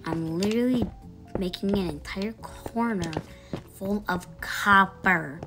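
Speaking slowly in a medium-pitched voice, this woman streamer narrates her gameplay in a chatty let's-play style. She sings and mutters to herself as she plays, with background music playing under her voice.

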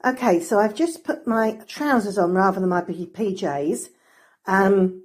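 Woman vlogger, middle-aged, slow husky delivery, sing-song baby talk to her pet. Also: mid-range voice. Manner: coos in excited baby talk to her dog. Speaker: dog owner filming her pet. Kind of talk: casual vlog narration.

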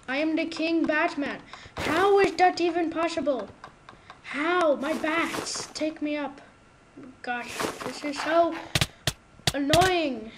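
A high-pitched woman talks through her gameplay at an unhurried pace, excitable and quick to loudly protest when she loses. Her voice comes through a home microphone with a clear background hiss. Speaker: gamer. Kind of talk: casual gameplay commentary. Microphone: new desktop microphone.

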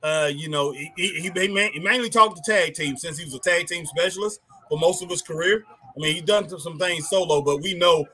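A man's voice: on the high side, a little fast, pushed and bright. A man co-hosting a casual wrestling live stream who reads viewer comments aloud and keeps tagging his sentences with "boy" and "man".

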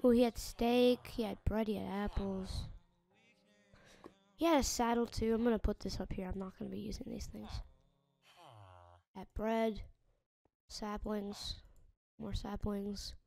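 A woman giving casual gameplay commentary, chatting as she plays and yelling at the in-game animals and villagers. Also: mid-range voice, fairly even intonation, unhurried, creaky, long pauses, faint music behind. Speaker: gamer.

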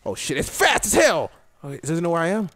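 Excitable young man swearing through a game. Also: a little high, a little fast. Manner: excitable, swears a lot, talks to himself. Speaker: gaming video host. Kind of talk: casual let's-play commentary.

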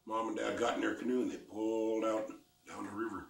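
An older man from the Pacific Northwest telling a folk tale in a lively, folksy way with exclamations. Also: on the low side, a little fast, vocal fry. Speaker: storyteller. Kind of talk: oral storytelling. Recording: roomy, mic at a distance.

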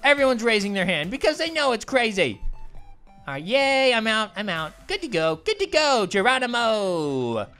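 A woman giving excitable, giggly let's play commentary, often apologizing to game characters. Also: fairly high pitch, moderate pace, soft background music. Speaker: gaming channel host.

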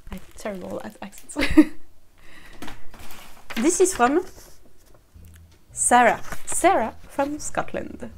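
A French woman with a French accent chatting excitedly to herself during a casual live stream, slipping between English and French. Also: medium pitch, gravelly. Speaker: costume maker streaming live. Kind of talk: casual live-stream chat while unboxing.

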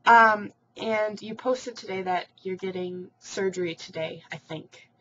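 A woman's voice: mid-range voice, measured pace, a bit bright. A teenage girl vlogging casually to her online support group, rambling and sympathetic with lots of ums and likes. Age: teens. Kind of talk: casual video reply to group members. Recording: dull lo-fi webcam audio with faint hiss.

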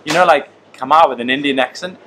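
A man's voice: fairly high pitch, fast, sharp tone, slight background noise, poor audio. A man interviewing a comedian, asking questions casually with frequent hesitations and laughs.

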